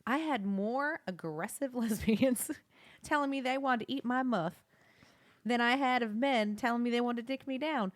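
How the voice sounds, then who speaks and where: A woman's voice: on the high side, normal speed. A woman guest on a podcast, brash and profane, often laughing while she talks. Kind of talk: casual chat.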